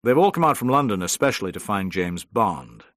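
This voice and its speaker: A man's voice: lowish voice, sing-song, brisk, a bit bright, no echo, clean studio sound. A man voicing a genial wealthy host making formal introductions.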